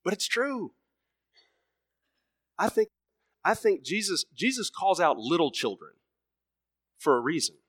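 A man in his thirties preaching a sermon, emphatic, repeating words and swinging between loud bursts and soft murmurs. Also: high voice, sing-song, a little slow, long pauses, no room sound, clean studio sound.

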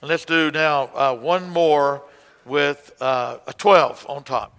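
Speaking slowly in a fairly high, clean, fairly bright voice, a song leading instructor explains how to conduct. He counts aloud and slips into hymn lines to demonstrate the beats for song leaders, turning the lesson into part singing. Long reverb from a hall colors the sound.

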